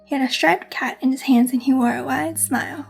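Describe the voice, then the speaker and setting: A woman's voice: high voice, fairly even intonation, a little fast, gravelly. A woman gaming host reading a visual novel aloud, mixing dramatic reading with casual asides. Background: faint game music.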